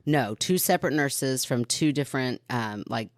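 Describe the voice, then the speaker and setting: Animated woman telling a story. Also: rumbling low, moderate pace, no room sound, clean studio sound. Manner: animated, acts out quoted voices, laughs often. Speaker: podcast co-host. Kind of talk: casual storytelling chat.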